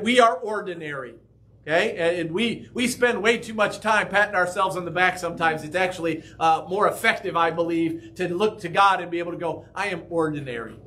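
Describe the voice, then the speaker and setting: Pastor guy giving a chatty sermon, high bright voice, keeps asking the room questions. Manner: conversational, asks the congregation questions. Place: church.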